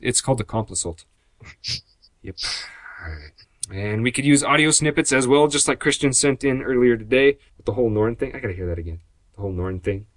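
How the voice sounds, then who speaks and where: A man's voice: medium pitch, expressive, a little fast, no room sound. A man hosting a podcast in casual chat, rambling and joking in a sarcastic way. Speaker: podcast host; graphic designer.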